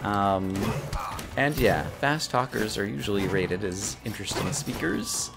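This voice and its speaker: This gaming video host has a fairly low voice with vocal fry. Over background game music, he races through casual let's-play commentary, getting excited and tripping on his words.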